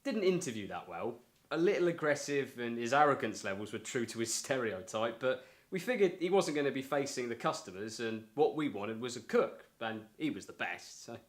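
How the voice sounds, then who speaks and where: A man's voice: medium pitch, very animated, fairly quick, natural voice. An actor playing an upbeat, slightly hesitant man who co-owns a hotel. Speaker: hotel co-owner.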